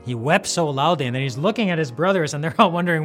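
A man's voice: on the high side, animated, quick pace, a bit bright, faint music behind. A man giving an earnest devotional retelling of a Bible story, often repeating words as he goes.

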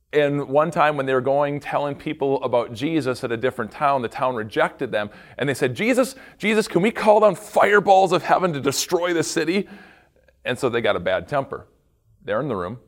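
Man preaching an animated sermon. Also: mid-range voice. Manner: animated storytelling, swings between loud emphasis and quiet earnest asides. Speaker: pastor.

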